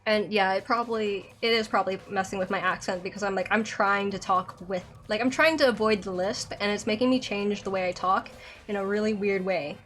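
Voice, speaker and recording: A woman's voice: medium pitch, a little fast, a bit bright, soft background music. Woman with a Southern drawl and a lisp. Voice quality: slight lisp from a dental aligner. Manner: rambling, self-conscious, many filler likes. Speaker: streamer. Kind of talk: live-streamed game playthrough, reading dialogue aloud.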